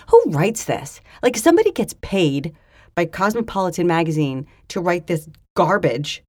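A woman's voice: lowish voice, big pitch swings, normal speed, darkish tone, no echo. A woman co-hosting a podcast in casual chat, slangy and dismissive in tone. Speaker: podcast co-host.

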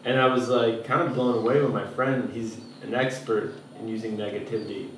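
A wry, teasing man with a mid-pitched voice in casual podcast chat who swears now and then. He sits off the mic, so he sounds distant. The room is echoey, with faint ambient noise behind him. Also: fairly even intonation, a little fast. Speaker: podcast co-host.

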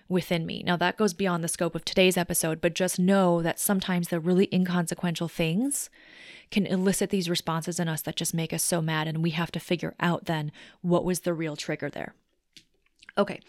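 A woman hosts a solo self-help podcast in a somewhat low voice. She works through her points in a conversational, reflective way. The sound is dry, with no room echo. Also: a little mellow. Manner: conversational and reflective, explains step by step. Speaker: podcast host.

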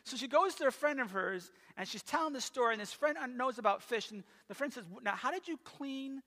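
Bright-voiced pastor in a reverberant hall. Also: male voice, extremely high pitch. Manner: animated storytelling with quick asides. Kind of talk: sermon. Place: church sanctuary.

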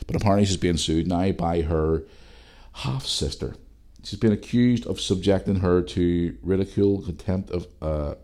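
A man's voice: low-pitched, vocal fry, darkish tone. A man hosting a podcast, ranting bluntly in a casual monologue and swearing often. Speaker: podcast host.

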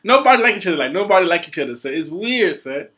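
A man co-hosting a casual, profane chat, laughing loudly and often. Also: sits high, big pitch swings, quick pace.

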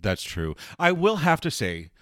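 A man's voice: on the high side, wildly swooping pitch, measured pace, fairly bright tone, no echo, studio quality. A man co-hosting a book podcast, chatting frankly and swearing freely. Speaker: podcast co-host. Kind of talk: casual book discussion.

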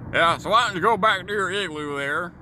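A Canadian man putting on a higher, jeering voice to play a taunting American man. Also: brisk, sharp tone. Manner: mocking, sing-song jeering. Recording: road noise from a car.

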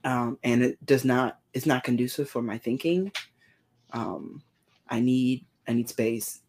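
Low-voiced woman joking on a panel. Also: darkish tone. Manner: joking, quick to laugh, acts out quotes. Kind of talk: casual group chat on a live show.

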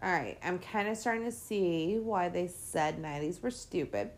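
A woman's voice: lowish voice, moderate pace. A woman podcast host giving casual movie commentary, swearing a lot and ranting in an exasperated, sarcastic way.

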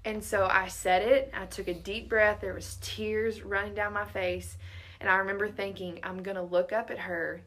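Bright-voiced young woman telling her story. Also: mid-range voice, level tone, normal speed. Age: around 20. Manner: earnest storytelling, quoting herself. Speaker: guest sharing testimony. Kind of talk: casual chat.

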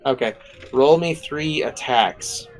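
A man narrating as game master in a tabletop game, relaxed and laughing, thinking aloud with fillers as he goes. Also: medium pitch, takes it slowly, soft background music, rough recording.

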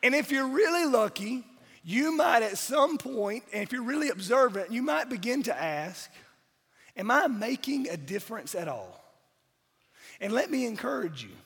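Hoarse southern pastor preaching, high gravelly voice, wry asides, long church reverb. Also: male voice, fairly bright tone. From South Georgia. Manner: wry, joking asides to the congregation. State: hoarse from a cold. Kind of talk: sermon. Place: church sanctuary.

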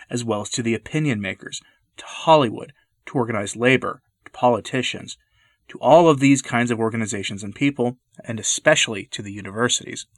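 A man hosting a podcast, reading scripted commentary in an earnest, measured, lecturing way. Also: medium pitch, a bit bright, dry recording, clean studio sound. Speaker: podcast host. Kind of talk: scripted commentary read aloud.

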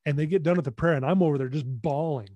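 A man telling a personal story as a podcast guest, in an emphatic, animated way. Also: a little high, quick pace, no echo, dull audio.

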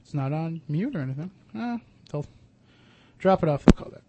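A man's voice: on the high side, lively intonation, normal speed, dark tone. A man hosting a radio talk show, chatting casually with many fillers and restarts.

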